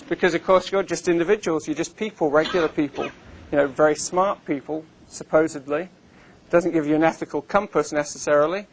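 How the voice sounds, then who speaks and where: A man speaks to a live audience in a somewhat high voice, in a relaxed, unscripted manner. His delivery is wry and chatty, with plenty of ums and uhs between thoughts. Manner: conversational and wry, with frequent fillers. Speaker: invited speaker. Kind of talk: conference presentation to a live audience. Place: conference room with an audience.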